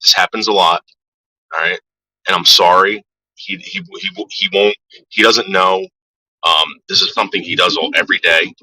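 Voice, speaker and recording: A man with a fairly low voice and a sharp, forceful edge talks straight to his viewers. He rambles through a story bluntly, with plenty of swearing. The sound is dry, with no room around it. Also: expressive, normal speed, long pauses, no echo, low-quality recording. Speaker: vlogger. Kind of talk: casual storytelling to camera.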